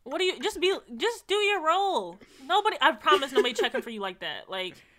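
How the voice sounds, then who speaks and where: A young adult woman co-hosting a casual chat, animated and slangy, acting out her own reactions. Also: high-pitched, fairly quick.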